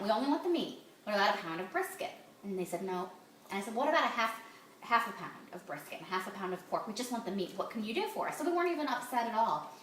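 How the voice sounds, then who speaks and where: A woman telling a story to her family, acting out the dialogue of the people in it. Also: mid-range voice. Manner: fast, re-enacts quoted dialogue. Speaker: mother recounting a restaurant incident. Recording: roomy, from a distance, faint background hum.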